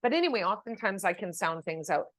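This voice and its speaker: Casting: woman, medium-pitched, chatty co-host explaining step by step, close dry sound at home. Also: fast, dry recording. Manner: explanatory, leading questions, animated. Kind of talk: casual chat explaining spirit communication.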